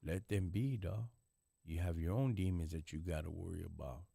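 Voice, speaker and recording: A live stream host speaks in casual street slang, blunt and preachy. He is a man with a very deep voice, recorded dry and close. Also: moderate pace, vocal fry, mellow, slightly rough, no room sound. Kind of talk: casual chat.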